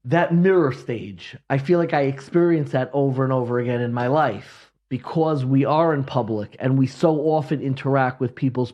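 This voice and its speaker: Reflective man with an even, mid-range voice. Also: mid-range voice. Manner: searching, restarts phrases, animated storytelling. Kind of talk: reflective conversation.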